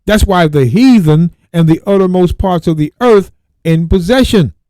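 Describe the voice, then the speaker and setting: A man hosting a Bible radio show, reading verses slowly and then breaking off to exclaim and repeat his points. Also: sits high, dark tone, dry recording. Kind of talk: Bible teaching with scripture reading.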